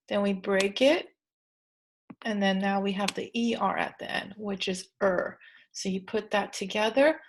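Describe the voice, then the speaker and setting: A woman's voice: mid-range voice, slight background noise. A woman teacher giving a spelling lesson to young children, patient, repeating words and checking in with "okay" again and again.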